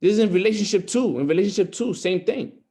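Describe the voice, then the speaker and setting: A man's voice: sits high, expressive, fast talker, warm tone. A young man giving an earnest motivational talk on a group call, repeating his points and growing emphatic. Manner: earnest, repetitive, rising to emphatic.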